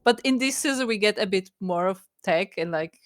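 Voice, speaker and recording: A woman's voice: medium pitch, expressive, a little fast, no echo. Chatty woman co-host, dry close sound. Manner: chatty, frequent backchannel agreement. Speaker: podcast co-host. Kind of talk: casual review chat.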